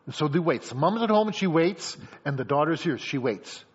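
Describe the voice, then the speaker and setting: Brisk and a little breathy, this fairly high male voice delivers an animated sermon, dramatizing a story scene by scene while addressing the congregation directly. The audio sounds dull and lo-fi.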